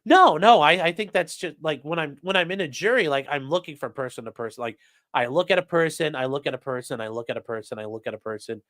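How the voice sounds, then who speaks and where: A man's voice: mid-range voice, quick pace, a bit bright, no echo, clean studio sound. A young man, a streamer and trial lawyer, chatting casually on a live stream, rambling, swearing and reading chat aloud.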